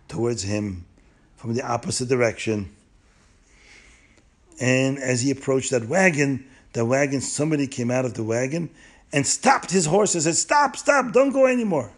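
A man telling a story to children and drawing a moral lesson, animated and emphatic. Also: medium pitch, gravelly. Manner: animated, emphatic, drawn-out words.

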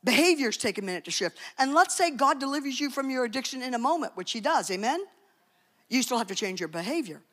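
A woman's voice: a little high, a bit bright. A woman preaching a sermon in a conversational, emphatic way, with joking asides. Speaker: speaker at a church talk.

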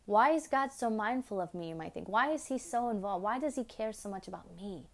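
A woman's voice: medium pitch, lively intonation, fairly quick, vocal fry. A woman hosting a devotional podcast, talking earnestly and preaching, repeating phrases for emphasis. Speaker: podcast host.

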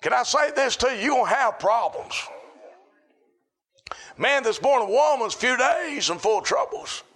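A middle-aged man preaching a sermon, chanting in a repetitive cadence that rises to shouts. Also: very high voice, animated, moderate pace.

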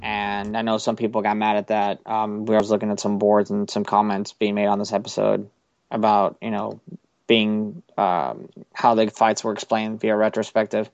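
A young man with a lowish voice hosts a chatty podcast, rambling loosely through a recap and swearing now and then. The sound is dry and a little dull, with no room behind it. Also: completely flat delivery, normal speed, gravelly, a little mellow, dry recording. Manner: rambling, loose, swears casually, many fillers. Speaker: podcast host. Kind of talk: casual chat recapping an anime episode.

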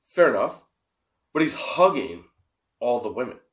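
A man's voice: medium pitch, very animated, measured pace. A man in his forties telling a comic personal story, laughing often and swearing between rambling asides.

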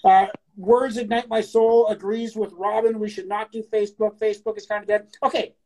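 A woman co-hosting a casual podcast, talking bluntly with lots of profanity and reading poems aloud slowly. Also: medium pitch, level tone, a little mellow, low-quality recording. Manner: crude, blunt, profane talk. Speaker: podcast co-host. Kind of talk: casual chat.

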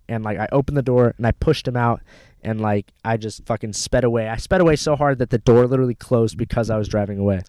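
A man in casual chat, telling a rambling story full of swearing and animated retellings of what people said. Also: medium pitch, fast talker, smooth, dry recording. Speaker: rideshare driver telling a story.

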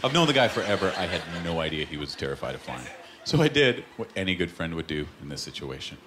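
Canadian guy doing stand-up live, lively up-and-down voice, noisy club. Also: low voice, quick pace. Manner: punchy joke delivery with acted-out voices. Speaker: stand-up comedian. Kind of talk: stand-up set before a live audience. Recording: live club recording, loud crowd and noise. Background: audience laughter.

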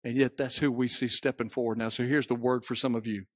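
A man with a Southern US accent preaching a sermon, moving from quiet storytelling to shouted peaks. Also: medium pitch, little pitch movement, fast, no room sound, clean studio sound. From Southern United States. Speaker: pastor.

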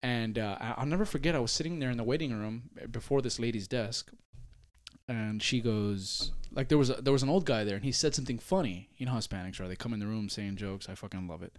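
A young man co-hosting a podcast, telling stories in an animated, swearing way and acting out other people's voices. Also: mid-range voice, fast. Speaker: podcast co-host. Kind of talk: casual chat.

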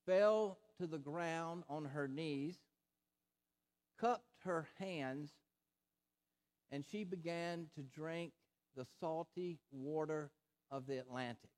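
A man with a high voice preaches a sermon, slow and deliberate. He leans on repeated phrases to drive home each point. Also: a little mellow. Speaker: pastor.

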